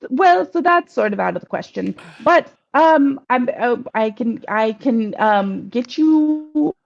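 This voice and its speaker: A woman's voice: fairly high pitch, animated, slow pace, vocal fry, heavily acted. A woman voicing a fretful male giant spider who rambles and frets over hosting visitors, in a tabletop game. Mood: apologetic. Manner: flustered, rambling. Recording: dull lo-fi recording.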